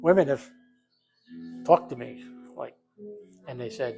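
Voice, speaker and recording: A man's voice: medium pitch, a little slow, vocal fry, pauses often, over music. An older man hosting a casual home cooking vlog from his kitchen, talking off the cuff with plenty of profanity and jokes. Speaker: home cook, vlog host.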